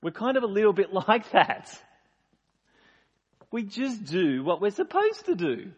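A man's voice: high voice, wildly swooping pitch, measured pace, breathy edge. A man preaching a sermon in a conversational, emphatic way. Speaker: pastor. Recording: dull lo-fi sound in a reverberant hall.

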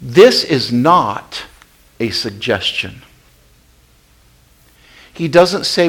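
A male pastor preaching an impassioned sermon, swinging between loud outbursts and hushed, almost whispered passages. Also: mid-range voice, expressive, slow pace, long pauses, breathy edge, rough recording.

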